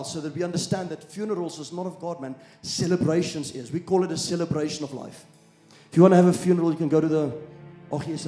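A man preaching a sermon as pastor, shifting from quiet storytelling to loud calls to the congregation. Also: fairly high pitch, echoey room.

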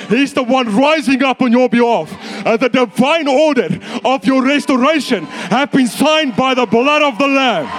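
A man preaching a sermon, fervent and repetitive, rising to shouts at times. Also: very high-pitched. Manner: fervent, builds to shouts, repeats phrases.

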